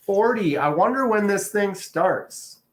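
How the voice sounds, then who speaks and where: A man's voice: high-pitched, expressive, unhurried, roomy sound, a little hiss or hum, rough recording. A man chatting casually on a livestream from his garage into a phone, rambling and thinking aloud with easy chuckles. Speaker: livestream co-host. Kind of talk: casual chat. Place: garage, indoors.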